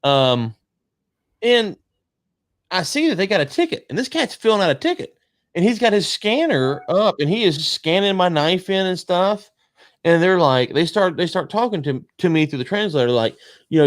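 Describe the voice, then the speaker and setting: Animated man telling a story, dry sound. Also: a little high, normal speed, no echo. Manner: animated storyteller, frequent restarts and quoted dialogue. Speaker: podcast co-host. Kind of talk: casual storytelling chat.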